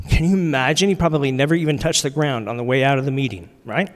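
A man preaching a sermon in a relaxed, conversational way, using slang and repeating his key lines for emphasis. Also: mid-range voice, quick pace, few pauses. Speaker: pastor. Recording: long reverb of a large hall.

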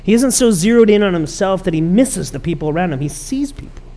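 A man's voice: high-pitched, expressive, quick pace, warm tone. A man pastor preaching a conversational, emphatic sermon to his church.

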